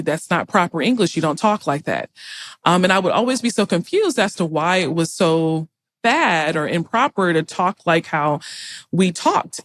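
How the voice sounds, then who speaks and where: A woman from Charleston, South Carolina, with a light Gullah Geechee Lowcountry accent, telling family stories as a guest chef in a podcast interview in an earnest, rambling way with many restarts.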